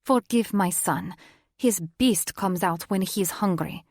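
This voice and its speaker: A woman's voice: medium pitch, slow pace, darkish tone, dry recording, clean studio sound. A woman voicing an effusive, motherly werewolf woman with a thick, unfamiliar accent. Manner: effusive, squealing.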